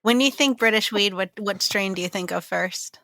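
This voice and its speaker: A woman's voice: mid-range voice, normal speed, fairly bright tone, no echo. A woman co-hosting a podcast in upbeat, chatty casual talk. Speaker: podcast co-host. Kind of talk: casual chat.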